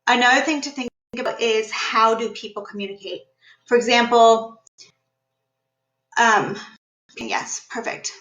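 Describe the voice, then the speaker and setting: A woman business coach teaching a live online workshop, upbeat and energetic, standing as she talks. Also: fairly high pitch, measured pace, long pauses, roomy sound, lo-fi sound. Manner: energetic, upbeat, demonstrates voices while teaching. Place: room, standing.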